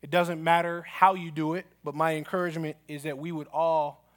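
A man delivers a sermon from a church pulpit. His voice sits a little on the high side. He moves between teaching, storytelling and prayer. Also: level tone, a little fast, a bit bright. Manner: storytelling with acted quotes, ends in prayer. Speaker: pastor.

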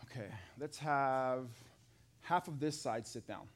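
A man preaching a sermon to a live congregation, acting out the scripture dialogue in an animated way and talking with the people in the pews. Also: medium pitch, slow pace. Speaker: pastor. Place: church hall with a live congregation.

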